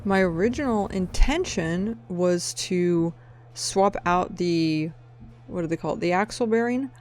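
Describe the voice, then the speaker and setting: A woman's voice: lowish voice, expressive, unhurried. A woman chatting casually in a car repair vlog, rambling with jokey asides. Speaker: DIY car repair vlogger. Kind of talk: casual chat. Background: background music.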